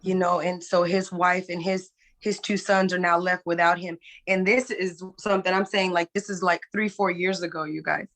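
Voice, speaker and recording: A woman's voice: fairly low pitch, little pitch movement, normal speed, few pauses, a bit bright. A woman speaking as a guest in a candid conversation, earnest and emphatic, often checking in with "right?". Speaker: guest, musician.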